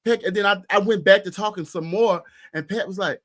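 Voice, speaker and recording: A man's voice: high-pitched, animated, fast talker, few pauses, a bit bright. A man co-hosting a podcast in casual chat, ranting heatedly and profanely with emphatic repetition. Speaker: podcast co-host.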